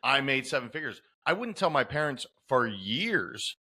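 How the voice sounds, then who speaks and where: A man hosts a conversational podcast with a bright, forceful tone. He talks with eager enthusiasm, backing up his guest and working through ideas aloud with quick restarts. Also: mid-range voice, sing-song, husky. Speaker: podcast host.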